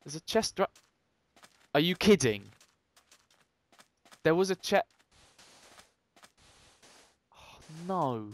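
A young man casually co-hosts a game video, reading signs aloud and cracking jokes. His voice sits a bit high for a man. The close mic gives a dry sound. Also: big pitch swings, slow, dry recording. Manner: joking, reads in-game text aloud. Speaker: gaming co-host. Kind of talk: casual Let's Play commentary.

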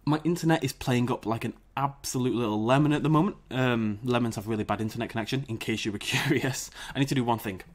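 British man, gaming vlog host, casual and jokey, self-mocking, mid-pitched voice. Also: quick pace, hardly any pauses, a little hiss or hum. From Britain. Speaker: YouTube gaming channel host. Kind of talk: casual vlog chat to camera. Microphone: dedicated recording mic.

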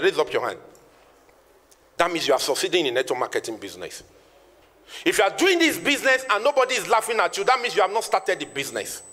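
A man's voice: high-pitched, pushed and bright. A Nigerian man in his thirties, a network marketing trainer, giving an emphatic motivational speech to an audience and repeating lines for effect. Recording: long reverb in a hall.

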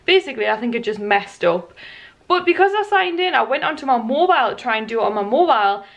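A woman's voice: fairly high pitch, expressive, fast talker, fairly bright tone, lo-fi sound. A young woman talking casually in a vlog, chatty and flustered, tired and stressed. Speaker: vlogger.

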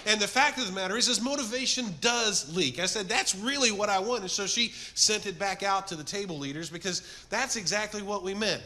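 Animated man preaching, bright-toned. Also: high voice, a little fast, hardly any pauses. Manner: animated storytelling, dropping to a soft earnest appeal. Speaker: men's ministry speaker. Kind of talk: sermon.

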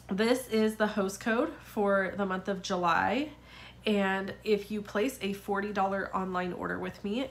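Woman, middle-aged, stuffy nose, chatty craft tutorial, lots of ums, mid pitch. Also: fairly bright tone. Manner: chatty, frequent "um" fillers. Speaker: card-making demonstrator.

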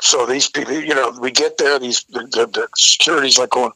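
Older man, bright forceful voice. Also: mid-range voice, fairly quick, hardly any pauses, dry recording, rough recording. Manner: profane, animated anecdote-telling with restarts. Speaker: rock singer, interview guest. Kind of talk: casual interview storytelling.

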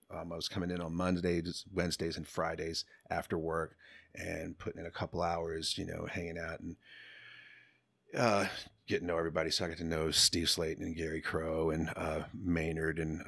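A man in his fifties, a podcast guest, telling stories in a loose, animated way, swearing freely and laughing often. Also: sits low, dry recording, clean studio sound. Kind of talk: casual storytelling.

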